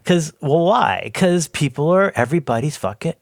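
A man's voice: fairly high pitch, animated, moderate pace, no echo, clean studio sound. A middle-aged man co-hosting a podcast, chatting casually in rambling, self-interrupting, jokey stories. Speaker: podcast co-host. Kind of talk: casual chat.

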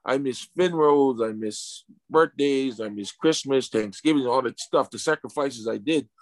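A man's voice: mid-range voice, normal speed, no echo. A man, a retired athlete being interviewed, telling his story with emotion and stumbling over repeated words. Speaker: interview guest, retired sumo wrestler.

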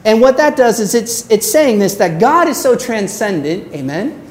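A woman pastor preaching a sermon in an earnest way, slowing down on her key phrases. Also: fairly high pitch, big pitch swings, darkish tone.

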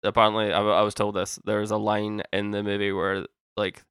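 A young man with a fairly low voice that is bright and crisp, co-hosting a podcast in easy banter. He rambles, restarts his sentences and drops the odd swear. The sound is very dry and close. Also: completely flat delivery, normal speed, no echo. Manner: rambling, self-interrupting, swears casually. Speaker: podcast co-host. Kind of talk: casual podcast chat.

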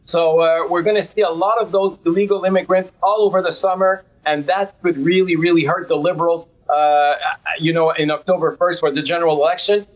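A man's voice: on the high side, steady tone, fairly quick, highs cut off. A man from Quebec, a guest commentator earnestly explaining politics in an interview.

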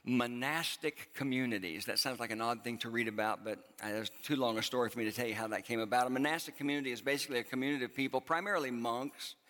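A man preaches a sermon from a stage in a bright, forceful voice. He talks to the congregation in a conversational way and repeats phrases for emphasis. His voice carries a long reverb through a church hall. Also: mid-range voice, fast talker, few pauses. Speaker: pastor.

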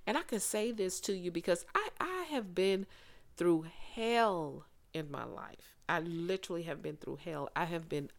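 A woman hosting a faith-based podcast, speaking to listeners in an earnest, conversational way with pauses and restarts. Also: lowish voice, expressive, vocal fry. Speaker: podcast host.

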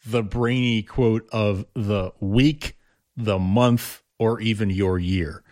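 A man co-hosting a podcast in casual chat, agreeable and enthusiastic, with quick asides. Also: fairly low pitch, steady tone, darkish tone, no room sound, studio quality. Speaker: podcast co-host.

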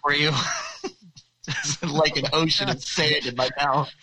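A man in a casual podcast chat, animated and profane, riffing on jokes. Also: a little high, unhurried, crowd noise, poor audio.

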